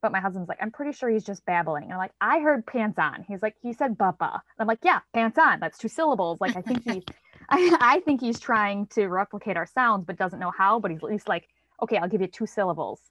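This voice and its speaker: A woman's voice: mid-range voice, animated, fast, a bit bright, dry recording. Chatty woman telling a long story. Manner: chatty, acts out quoted lines in a lifted voice. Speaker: parent guest. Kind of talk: casual conversational storytelling. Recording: dry, slightly dull sound.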